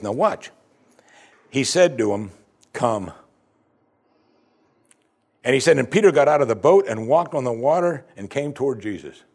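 A man's voice: mid-range voice, husky. A man preaching a sermon, reading scripture aloud with dramatic emphasis. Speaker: pastor.

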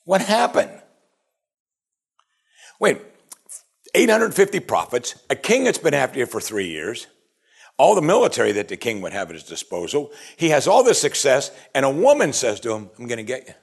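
A man preaching a sermon, animated and asking his listeners one rhetorical question after another. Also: mid-range voice, moderate pace, gravelly, pauses often, breathy edge. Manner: animated, asks the audience many rhetorical questions. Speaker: pastor.

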